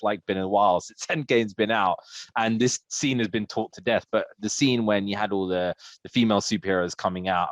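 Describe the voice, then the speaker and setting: This male podcast co-host speaks on the low side, with no room sound in the recording. His casual chat wanders, packed with fillers, false starts and plenty of laughter.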